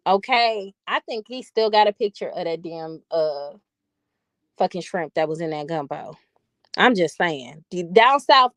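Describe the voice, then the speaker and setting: A woman's voice: medium pitch, fairly bright tone, no echo. A woman hosting her own vlog, telling loose, profane stories in a casual, chatty way with laughing asides. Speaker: vlog host. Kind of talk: casual storytelling monologue.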